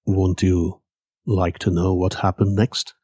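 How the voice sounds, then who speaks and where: A man voicing a shaken man recounting a haunting, slow and solemn. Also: low-pitched, little pitch movement, dark tone, husky, no echo, heavily acted.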